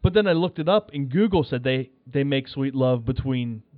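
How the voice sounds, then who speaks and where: A man telling a rambling, animated story in casual chat, acting out his own shouts. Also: medium pitch, moderate pace, no room sound. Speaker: podcast guest. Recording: tinny phone line, dry.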